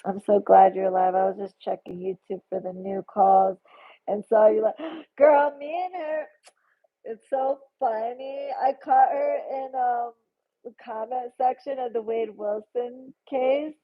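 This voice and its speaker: A woman's voice: on the high side, fairly even intonation, a little slow. Chatty woman hosting a live stream, gushes over viewer comments, tinny phone-like audio. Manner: chatty, effusive, reads viewer comments aloud. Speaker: tarot livestream host. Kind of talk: casual livestream chat reading comments. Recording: phone-like narrow sound.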